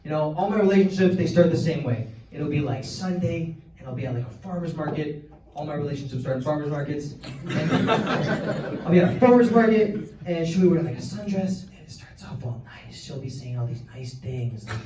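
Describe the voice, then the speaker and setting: A young man, rambling through a crude stand-up set. His words echo around the club, picked up from some way off the mic. A crowd laughs loudly behind him. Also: fairly high pitch, animated, a little fast. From Canada. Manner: rambling, crude, filler-heavy storytelling. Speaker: stand-up comedian. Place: comedy club stage. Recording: roomy club sound from far off. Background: audience laughter.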